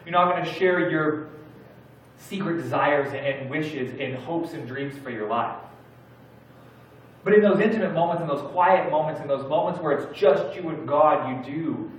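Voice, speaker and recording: A man's voice: a little high, normal speed, slight background noise. Male preacher, chatty storytelling sermon, distant mic in a very reverberant church. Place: church sanctuary. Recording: very echoey church hall from far off.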